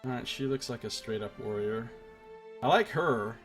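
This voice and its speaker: A man's voice: mid-range voice, lively intonation, normal speed, faint music behind. Man mumbling casual game commentary. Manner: musing, half-mumbled remarks. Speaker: let's play host.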